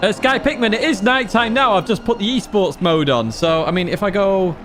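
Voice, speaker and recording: Brisk and high-pitched, a man from Blackpool chats and rambles as he streams a racing game, laughing often and reading out viewers' chat. The game engine hums behind him.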